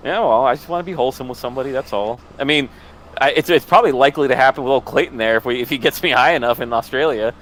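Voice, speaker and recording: A man's voice: mid-range voice, very fast, fairly bright tone. Rambling, laughing man telling stories. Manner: rambling, self-mocking, laughs a lot. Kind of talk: casual storytelling chat.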